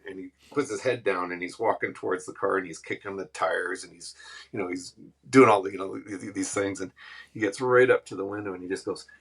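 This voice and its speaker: A man, a musician guest, casually telling animated road stories and acting out the people in them. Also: deep voice, fairly quick, breathy edge. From Western Canada. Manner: animated, laughing anecdotes with acted quotes. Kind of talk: casual storytelling.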